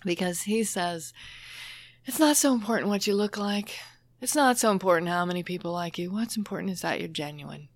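A woman who trains dementia caregivers, telling stories conversationally, lively and emotional, often laughing as she talks. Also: fairly low pitch, fairly quick, no echo. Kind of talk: conversational storytelling.

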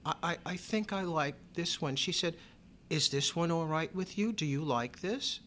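A slightly bright-sounding middle-aged man tells an interviewer a story about himself. His telling is wry and measured, and he raises his voice in pitch to play the other people in it.

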